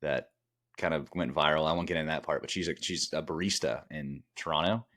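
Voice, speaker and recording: A man's voice: extremely low pitch, brisk, fairly bright tone. A man co-hosting a casual podcast, rambling and restarting his sentences, tired. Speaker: podcast co-host.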